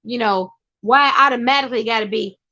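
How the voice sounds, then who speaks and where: A woman's voice: a little high, brisk, pushed and bright, lo-fi sound. A woman giving casual, emphatic commentary as a vlogger, now and then turning to talk to her partner off-camera.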